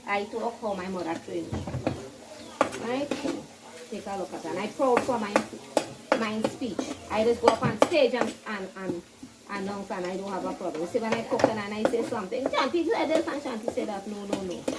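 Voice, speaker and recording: A woman's voice: mid-range voice, moderate pace. A woman demonstrates her home cooking in a casual, chatty way, tagging "right?" onto her sentences and calling herself by name. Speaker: home cook vlogger. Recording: distant mic, loud frying noise. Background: sizzling frying food.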